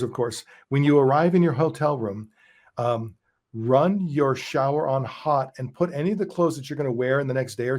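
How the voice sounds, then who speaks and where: A man hosting an interview, thinking aloud in a halting way and repeating words as he goes. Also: mid-range voice, darkish tone. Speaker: podcast host. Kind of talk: casual interview conversation.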